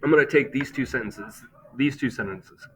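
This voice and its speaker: A man's voice: medium pitch, moderate pace, bright, forceful tone, a little hiss or hum, low-quality recording. A man teaching a grammar lesson, explaining step by step and checking in with "okay?".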